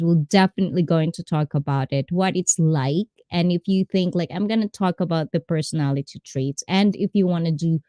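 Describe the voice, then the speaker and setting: Filipina streamer-trainer, low warm voice, dry close mic, chatty and giggly. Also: female voice, no room sound. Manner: switches between English and Tagalog, reads chat aloud, laughs often. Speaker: livestream host, personal trainer. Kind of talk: casual livestream chat.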